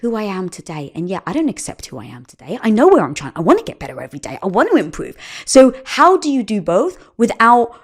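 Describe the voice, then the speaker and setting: A woman guest in a candid interview, telling personal stories in an animated way and acting out the dialogue. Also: medium pitch, fast talker, hardly any pauses, breathy edge. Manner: animated storytelling, acts out quoted dialogue. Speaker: podcast guest.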